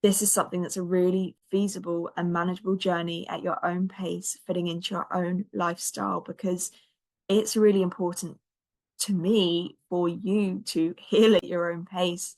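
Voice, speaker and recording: A young woman hosting a podcast, her voice a touch croaky. She speaks gently and encouragingly, in a lowish, fairly even tone without much lift. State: slightly croaky voice. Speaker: podcast host and coach. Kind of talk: podcast monologue.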